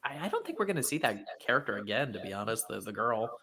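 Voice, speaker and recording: A man's voice: mid-range voice, sing-song, fast, pushed and bright. A man hosting a casual podcast chat, easygoing, giving brief agreeing replies and questions. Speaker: host.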